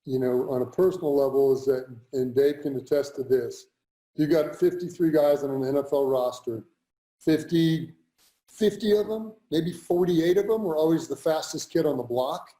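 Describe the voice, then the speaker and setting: A man's voice: on the high side, normal speed, warm tone, reverberant, rough recording. A man who played pro football, talking earnestly in an interview and repeating lines for emphasis. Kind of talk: motivational interview talk.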